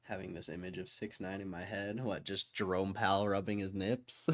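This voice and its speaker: A man's voice: deep voice, steady tone, moderate pace. A man hosting a livestream, rambling and joking crudely while bored and waiting. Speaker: livestream host. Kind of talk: casual livestream chat.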